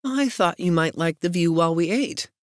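A man putting on a breathy, teasing young woman. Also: a little high, expressive, moderate pace, no echo, clean studio sound, voice pushed up, natural voice. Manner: teasing, sing-song.

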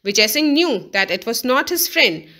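A woman's voice: on the high side, very animated, normal speed, pushed and bright. A woman with an Indian English accent teaching English, reading a chapter aloud line by line and explaining words. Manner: reads a line, then restates it and defines words.

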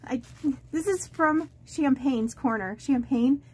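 A woman vlogger chatting to camera as she opens fan mail, halting and rambling with many fillers and restarts, gushing and easily moved. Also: high voice, husky. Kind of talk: casual unboxing chat to camera.

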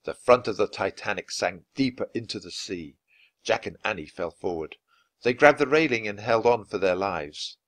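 A man reading a children's book aloud, with expressive, lively narration. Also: lowish voice, moderate pace, no room sound. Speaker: storyteller.

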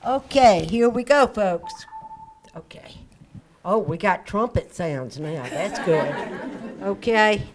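A woman's voice: medium pitch, lively intonation, slow, a faint crowd, a little hiss or hum. A woman hosting a birthday party, upbeat, chatty and joking with guests, on a handheld microphone. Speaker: event host.

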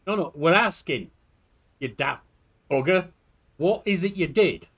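A man's voice: on the high side, expressive, measured pace, a bit bright, breathy edge. A man with a Yorkshire accent reading his character's lines in a game playthrough, dry and mocking. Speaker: gamer voicing the player's lines. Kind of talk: casual game playthrough commentary.

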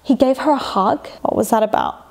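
A woman with a slightly high voice hosts a casual commentary vlog. She sounds chatty and opinionated and often stops to ask rhetorical questions. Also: fairly quick, a little mellow. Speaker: YouTube commentator.

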